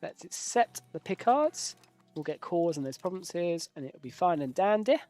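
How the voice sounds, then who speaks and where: Faint music plays behind a man with a high, warm, very animated voice speaking at normal speed. He rambles through casual live commentary while playing a strategy game, joking at his own expense and swearing now and then.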